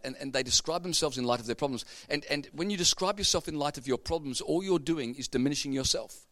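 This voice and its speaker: Dude preaching a sermon, kinda high voice, dead dry sound, tells stories w jokes. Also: male voice, quick pace, hardly any pauses, dry recording. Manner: animated storytelling with humorous punchlines.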